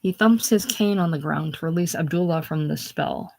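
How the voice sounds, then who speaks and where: A woman's voice: low voice, normal speed, gravelly, darkish tone. A woman casually reading a play aloud, reading the stage directions plainly. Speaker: reader.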